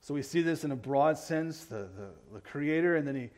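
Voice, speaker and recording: A male pastor preaching a sermon, earnest, often checking in with the congregation and moving between loud emphatic lines and quiet low ones. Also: animated, fairly quick. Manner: earnest preaching, keeps asking the congregation "right?".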